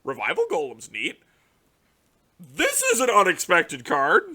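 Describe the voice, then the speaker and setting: Cursing, animated young man ranting. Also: high voice, a little slow. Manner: profane, exasperated ranting with sudden loud outbursts. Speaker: card game content creator. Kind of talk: casual reaction commentary.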